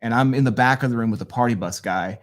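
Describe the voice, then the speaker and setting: A man from northeastern Pennsylvania, a guest comedian telling road stories with a casual, profane, deadpan delivery. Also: mid-range voice, quick pace. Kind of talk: casual storytelling.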